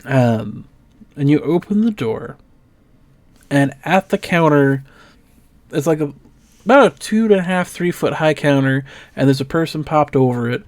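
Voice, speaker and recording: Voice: medium pitch, a little slow, pauses often, no echo. A game master narrating a tabletop session, speaking in an easygoing, meandering way. The talk is full of small fillers and restarts as the scene gets described. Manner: relaxed, rambling, many fillers.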